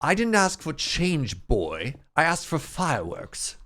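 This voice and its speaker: A man putting on a put-on English accent to play a pompous older wealthy English gentleman who barks clipped commands. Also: on the high side, wildly swooping pitch, slow, pitched above the performer's own voice, full character voice. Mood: imperious.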